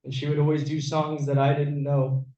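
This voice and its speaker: A man's voice: on the high side, flat delivery, normal speed, warm tone. Man speaking from afar in an echoey room. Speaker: friend giving a eulogy. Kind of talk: memorial speech with recited poem. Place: event venue room. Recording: echoey, distant, dull room audio.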